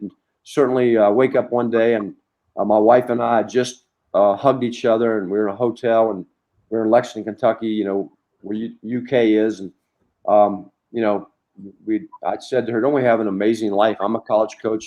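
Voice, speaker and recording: A middle-aged man, a former college basketball coach, telling long anecdotes as a podcast guest with lots of restarts. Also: on the low side. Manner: rambling, animated anecdotes with many restarts. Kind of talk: storytelling in a conversation.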